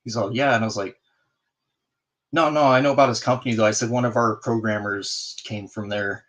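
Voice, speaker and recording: Man, casual storyteller over a video call, animated, plays out every line of dialogue. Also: fairly low pitch, brisk. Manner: animated, acts out both sides of a conversation. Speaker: guest in a group video chat.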